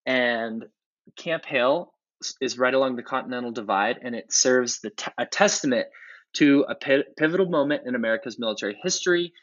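A man tells a story on a casual podcast, rambling and often restarting his sentences. His voice sits at a middle pitch. The recording sounds a little dull and lo-fi. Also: a little fast, fairly bright tone. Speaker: podcast co-host. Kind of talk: casual chat.

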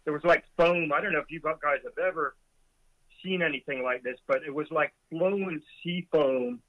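A middle-aged man who once served as a Coast Guard boatswain's mate is a guest in a conversation, vividly retelling a rescue and chuckling along the way. His voice sits a little high and moves at a moderate pace. The recording is dry, with narrow, tinny audio.

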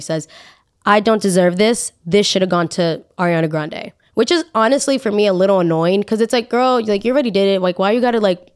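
A woman's voice: mid-range voice, smooth. A woman hosting a podcast, ranting in a casual, dramatic way with exaggerated asides. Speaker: podcast host. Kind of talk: casual opinion monologue.

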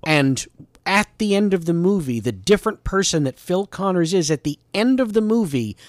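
A man guesting on a podcast, arguing his movie opinions with emphatic conviction. His voice sits a little high and swings widely in pitch. The sound is close and dry. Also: animated, moderate pace, no echo. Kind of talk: casual movie chat.

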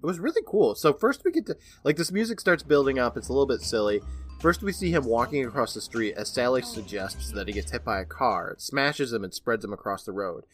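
A man's voice: mid-range voice, animated, brisk, faint music behind. A man co-hosting a podcast, casually retelling an episode scene by scene and often turning to his co-host by name.

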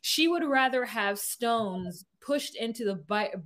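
A woman's voice: a little high, expressive, takes it slowly, a bit bright. A woman co-hosting a podcast, chatting casually and telling stories in a wry, meandering way. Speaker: podcast co-host. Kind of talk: casual chat recapping a reality show.

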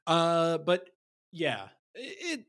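Bright-voiced, easygoing male co-host. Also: a little high, huge pitch swings, very slow. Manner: easygoing, hesitant with ums. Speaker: podcast co-host. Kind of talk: casual sports podcast chat.

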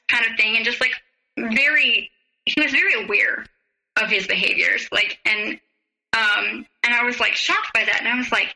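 A woman guest telling her own story in an interview, close to tears, halting and full of fillers. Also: a little high, gravelly, sharp tone, poor audio. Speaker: podcast guest.

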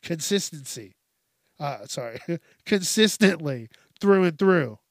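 A man's voice: fairly high pitch, lively intonation, slow, no room sound, studio quality. A man hosting a podcast, ranting casually and comically, swearing a lot and laughing between lines. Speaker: podcast host. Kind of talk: casual comedic rant.

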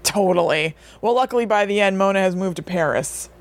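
A woman's voice: medium pitch, fairly quick. Chatty woman recapping a plot. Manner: animated plot recap with acted-out quotes. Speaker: podcast co-host. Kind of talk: casual chat.

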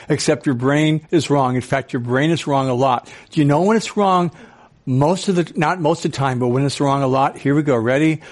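Lively older man talking to an audience. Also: a little high, fairly quick. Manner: animated, asks the audience questions; storytelling with acted-out quotes. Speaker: speaker. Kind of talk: talk to a live audience.

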